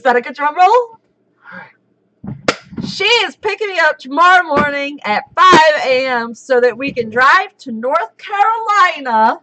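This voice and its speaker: A woman in her thirties chats on a home livestream in a high, bright voice. She is giddy, giggly and excitable, talking to viewers the whole way through. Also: poor audio. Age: 30s. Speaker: livestream host. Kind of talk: casual live chat.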